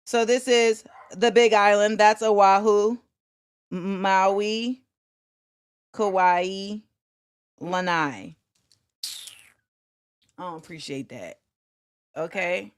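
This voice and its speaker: A woman hosting a casual livestream, chatting with viewers. She jumps between loud, excited exclamations and quiet muttering to herself. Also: mid-range voice, drawn-out words, pauses often, clear, resonant tone, no echo, clean studio sound. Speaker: host.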